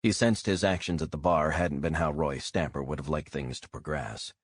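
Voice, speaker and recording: A male audiobook narrator reading a thriller in a measured, even way. His voice is very low and husky, recorded dry and close. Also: no echo.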